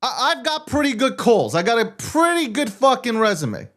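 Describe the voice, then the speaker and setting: A man's voice: very high voice, huge pitch swings, moderate pace, fairly bright tone. A man hosting a live crypto stream, talking in a brash, profane, boastful way. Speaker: show host.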